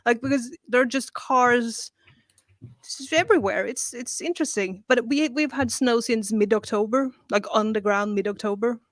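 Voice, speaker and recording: A woman's voice: on the high side, normal speed, dry recording. Woman, dry close sound. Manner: animated, profane, self-mocking storyteller. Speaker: comic book writer guest. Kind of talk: casual interview chat.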